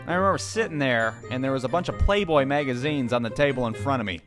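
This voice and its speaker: A man's voice: mid-range voice, fast talker, over music. A young man telling comic childhood stories in a profane, exasperated, punchy way. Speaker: comedic storyteller. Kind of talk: animated comedic storytelling.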